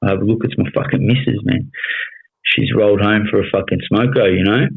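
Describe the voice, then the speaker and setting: A man in his thirties with a broad Australian accent tells his story in a casual podcast chat, blunt and full of swearing, always checking in with "you know what I mean". His voice sits fairly low. The sound is narrow and tinny, like a phone line. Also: fairly even intonation, a little fast, creaky, breathy edge. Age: 30s. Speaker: podcast guest.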